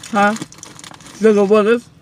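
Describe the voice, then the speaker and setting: A woman's voice: mid-range voice, little pitch movement, unhurried. A woman hosting a mukbang eating show from her car, chatting casually to viewers between bites, often murmuring approval and a little out of breath. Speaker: mukbang host.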